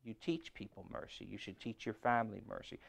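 A middle-aged man preaching a sermon, shifting from quiet talk to loud scripture reading. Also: lowish voice, steady tone, brisk, gravelly, husky.

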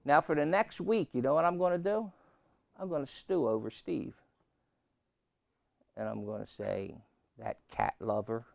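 A pastor preaching a sermon and telling a humorous story, with lots of rhetorical questions. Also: male voice, fairly high pitch, animated, moderate pace, creaky, pauses often, darkish tone, dry recording. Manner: humorous, repeats key lines.

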